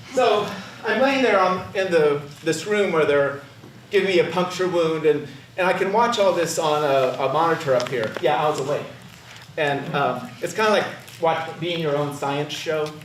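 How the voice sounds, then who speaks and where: On a theater stage, a man with a fairly high voice performs a live personal story, full of wry, self-mocking humor. The recording is roomy and distant, with slight background noise.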